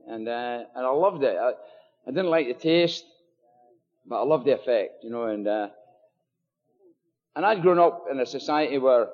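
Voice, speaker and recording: An older man with a thick Glasgow-area Scottish accent shares his story with a meeting audience. He talks in a loose, joking way, full of fillers and asides. The sound is dull and carries a long hall echo. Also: medium pitch. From Scotland. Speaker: AA meeting speaker. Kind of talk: personal recovery talk at a meeting.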